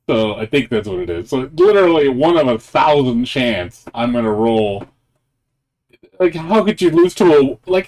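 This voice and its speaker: A man's voice: medium pitch, a little mellow. Male game streamer, loose live-stream chatter, profane and prone to laughing. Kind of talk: casual live-stream chat.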